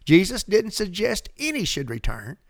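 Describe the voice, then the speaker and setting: A man co-hosting a conversational Bible discussion, emphatic and animated, with quick asides. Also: high-pitched, vocal fry, no room sound, clean studio sound.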